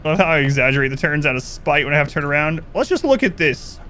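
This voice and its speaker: Guy streaming a game, bit higher voice, joking around and laughing with chat. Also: animated, quick pace, pushed and bright, slight background noise. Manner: chatty, joking, laughs often, talks to chat. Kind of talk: live gameplay commentary.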